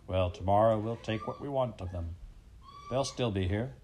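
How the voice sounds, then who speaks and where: A man voicing a huge, bold man with a deep, strong voice who scoffs at a crowd in a storybook reading. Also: normal speed, a little mellow, slight background noise, natural voice. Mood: scornful.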